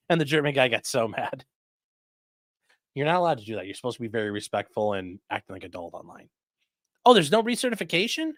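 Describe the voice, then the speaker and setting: A man's voice: mid-range voice, big pitch swings, fast talker, a bit bright, dry recording, studio quality. A man hosting a casual livestream, chatting loosely and reading viewer comments aloud. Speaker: livestream host reading chat.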